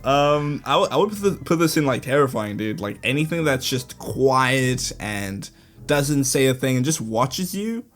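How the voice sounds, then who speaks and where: A man co-hosting a casual chat, animated and hesitant, full of fillers and restarts. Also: mid-range voice, a little slow. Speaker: co-host.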